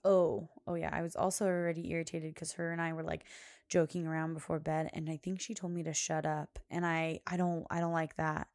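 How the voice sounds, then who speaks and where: A woman's voice: deep voice, little pitch movement, a little fast, darkish tone, dry recording, clean studio sound. A young woman hosting a podcast, telling a rambling, casual story full of fillers. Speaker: podcast host. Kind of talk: casual chat.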